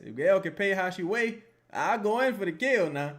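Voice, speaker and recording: Animated, joking man reacting to a game. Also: sits high, normal speed. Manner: animated, joking, profane and rambling. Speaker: fan watching a basketball game live. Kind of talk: casual live game reaction commentary.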